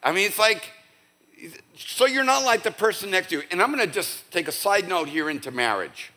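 A male pastor giving a conversational, animated sermon with casual asides to his church. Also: sits high, normal speed. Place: church sanctuary.

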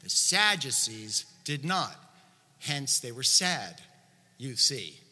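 A man's voice: mid-range voice, very animated, slow, pushed and bright, slightly rough. A male preacher giving a sermon, conversational and explanatory, full of asides to the congregation, recorded with long hall reverb.

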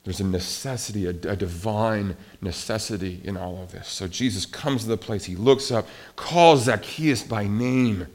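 A man preaching a sermon in a conversational, animated way, swinging between soft and loud. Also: lowish voice, normal speed, hardly any pauses. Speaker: pastor.

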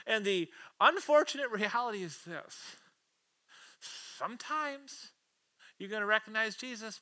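A man preaching a sermon, animated and playful, swinging from loud acted-out quotes to quiet asides with casual jokes. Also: sits high. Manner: playful, casual slang and self-aware jokes. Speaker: pastor.

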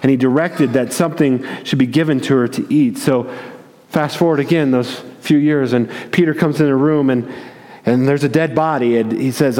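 A man's voice: medium pitch, moderate pace, a little mellow. A man preaching a sermon, retelling a story vividly, repeating words as he goes and acting out the quotes. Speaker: pastor. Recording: long reverb of a large hall.

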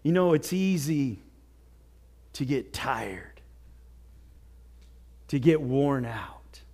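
A male pastor preaching a sermon with earnest exhortation, dropping to near whispers and rising to shouts. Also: mid-range voice, animated, very slow. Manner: swings from hushed to shouting.

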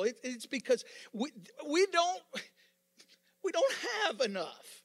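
A man over fifty preaching a sermon as pastor, fervent and repetitive, building up to yelling with joking asides. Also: extremely high pitch.

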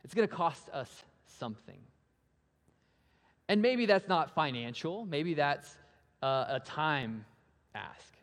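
A man preaching a sermon, asking rhetorical questions that swell and then drop to a hush, and animated when he acts out story voices. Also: a little high, slow, long pauses. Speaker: pastor. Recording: long reverb of a large hall.

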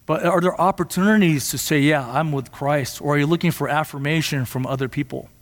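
A man preaching a sermon in a church, impassioned and at times rising to near shouts. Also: a little high, a little fast, long reverb tail. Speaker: pastor.

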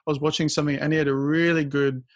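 A man's voice: fairly high pitch, level tone, very fast. A man hosting a podcast, chatting casually with a guest in a playful, teasing way and laughing easily. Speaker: podcast host. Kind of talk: casual interview chat.

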